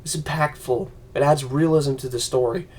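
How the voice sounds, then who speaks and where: A man's voice: mid-range voice, steady tone, normal speed, darkish tone, breathy edge. A man ranting on a vlog, profane and heated, slipping into mocking voices. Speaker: vlogger.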